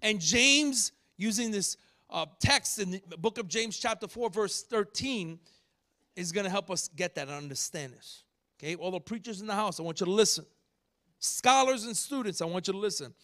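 Animated high-voiced male preacher. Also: normal speed. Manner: animated preaching, acts out rebukes with rising shouts. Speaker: pastor. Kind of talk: sermon.

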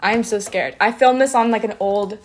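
A hoarse woman hosting a podcast, reading her old stories aloud with giggly, self-mocking asides. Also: mid-range voice, fairly quick. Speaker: podcast host.

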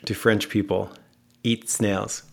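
A man's voice: on the low side, flat delivery, slow pace, creaky. Upbeat American man hosting a podcast. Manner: upbeat, joking, chatty. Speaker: podcast host. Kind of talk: casual podcast interview.

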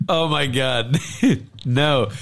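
Animated man in casual sports talk. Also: mid-range voice, extremely slow, vocal fry. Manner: animated, swears freely, acts out quotes.

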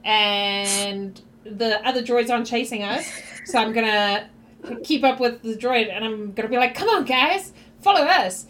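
A woman's voice: a little high, fairly even intonation, a little slow, fairly bright tone, slight background noise. A woman playing a tabletop game, bubbly and playful as she acts out her character. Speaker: player.

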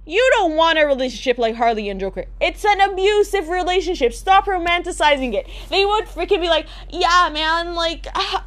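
A woman's voice: very high-pitched, lively intonation, brisk, hardly any pauses. A young woman ranting in a comedic vlog, exasperated and sarcastic, swearing freely. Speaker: vlogger. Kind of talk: comedic rant.

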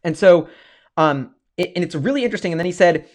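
Excitable man rambling on a livestream. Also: sits high, fast. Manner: excitable and rambling, full of restarts. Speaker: stock-market video host. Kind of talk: casual livestream commentary.

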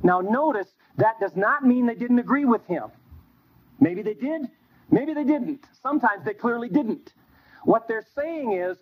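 A man teaching a Bible class, telling stories in an animated way and acting out bits of dialogue. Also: high-pitched, moderate pace, breathy edge. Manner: animated storytelling with quoted dialogue. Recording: dull lo-fi recording.

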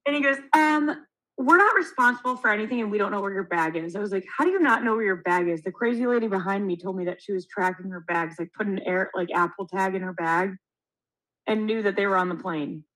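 Young woman, podcast co-host, casual storytelling, animated, swears, acts out what people said. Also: mid-range voice, quick pace, low-quality recording.

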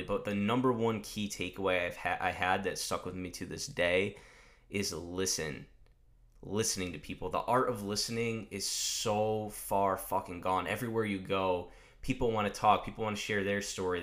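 A man hosting a podcast, giving a loose, energetic motivational monologue and swearing casually. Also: sits low. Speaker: podcast host.

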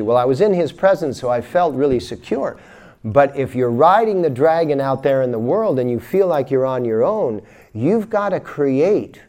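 A man giving a spiritual lecture as a teacher, telling a story and swinging from quiet murmurs to loud bursts. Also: medium pitch. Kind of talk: recorded lecture.

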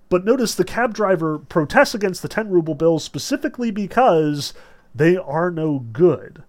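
Man, slightly high voice, chatty book talk, amused asides, filler words. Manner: chatty, lots of "like" and "you know", amused asides. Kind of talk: casual book discussion with read-aloud passages.

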